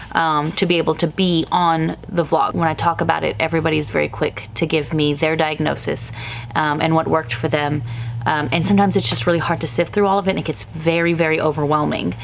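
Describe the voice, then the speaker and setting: A woman talks openly and a little haltingly in a casual vlog, stopping to restart her thoughts. She walks through the small shop she co-owns. A faint hum of store ambience sits behind her. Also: low-pitched, gravelly. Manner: candid, rambling with restarts. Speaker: vlog host, store co-owner. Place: inside a small retail store.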